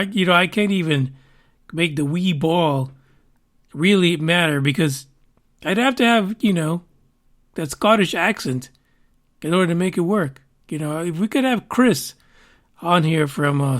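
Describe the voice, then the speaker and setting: A man hosting a podcast, talking casually and rambling, with fillers and the odd swear word. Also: high voice. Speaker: podcast host.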